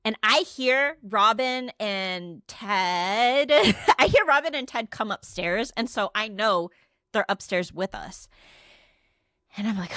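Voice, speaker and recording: A woman's voice: mid-range voice, expressive, slow, bright, forceful tone, no room sound, studio quality. A young adult woman co-hosting a podcast, casually telling a story, acting out quotes and swearing freely. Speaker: podcast co-host.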